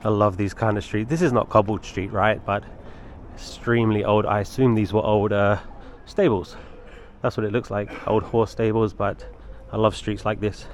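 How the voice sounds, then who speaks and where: A man's voice: lowish voice, little pitch movement, moderate pace, a little hiss or hum. A man filming a walking travel vlog outdoors on city streets, chatty and enthusiastic, often exclaiming at what he sees. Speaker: travel vlogger.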